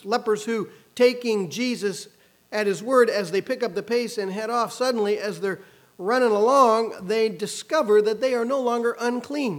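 A man preaching a sermon, expressive, raising his voice when quoting the cries of the people in the story. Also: high voice. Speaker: pastor.

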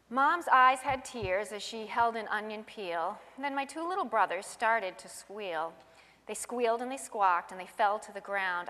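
A woman reading her own rhyming children's poem aloud in a sing-song, expressive way. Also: on the high side, normal speed, big-room sound.

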